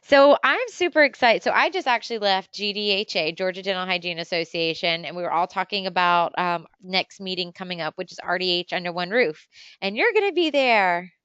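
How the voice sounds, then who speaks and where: A woman hosts a casual podcast chat, teasing and talkative, with quick rushes of words. Her voice is smooth and resonant. The close mic sounds dry, with no room around her. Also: fairly low pitch, animated, fairly bright tone, dry recording, lo-fi sound. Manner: chatty, teasing, quick bursts of talk. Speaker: podcast host.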